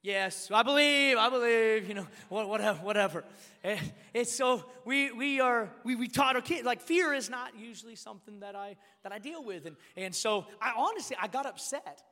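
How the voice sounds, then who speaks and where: A man preaching a storytelling sermon, animated and emphatic, repeating words and rising to shouts at his peaks. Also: very high-pitched, fairly quick. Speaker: pastor. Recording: long hall reverb.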